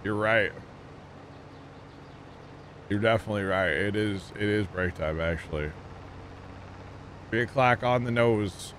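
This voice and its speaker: A gaming streamer with a Midwestern accent chats casually with his viewers while playing, rambling with plenty of fillers. His voice is fairly low and fairly bright, a little slow with frequent pauses, over slight background noise.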